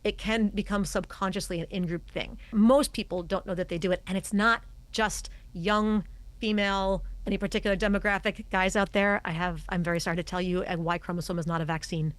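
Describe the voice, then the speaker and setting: Middle aged woman coach on a podcast, emphatic, mid-pitched voice, acts out examples. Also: fairly even intonation, fairly quick, dry recording. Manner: emphatic, demonstrates voice habits as she talks. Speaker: communication coach guest. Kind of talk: podcast interview, explaining.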